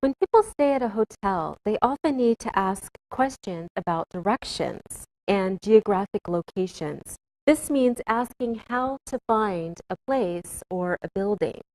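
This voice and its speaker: A woman teaching English in a scripted classroom lesson, speaking slowly and carefully with clear enunciation. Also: medium pitch, animated, darkish tone, rough recording.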